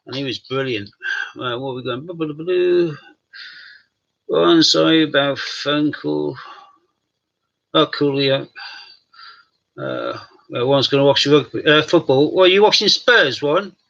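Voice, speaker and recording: Streaming live from his home room, this man has a fairly high, gravelly, fairly bright voice with lively intonation, a measured pace and long pauses. He jokes around casually with his chat and his dog, and the audio comes through dull and lo-fi.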